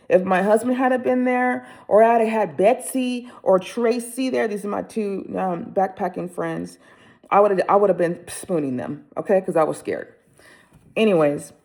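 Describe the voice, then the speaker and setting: A woman vlogging, candidly telling a story about her backpacking trip in a casual, animated way. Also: mid-range voice, gravelly.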